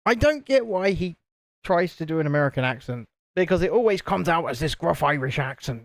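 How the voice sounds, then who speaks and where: Man, joking, rambling, very lively pitch, dry close sound. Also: fairly quick, vocal fry, no room sound. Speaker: co-host of a live building stream. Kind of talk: casual chat.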